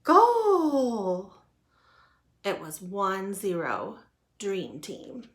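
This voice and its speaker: A woman reading a children's picture book aloud in a lively, expressive way. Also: medium pitch, slow pace, a little hiss or hum. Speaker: storyteller. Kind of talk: children's storybook read-aloud.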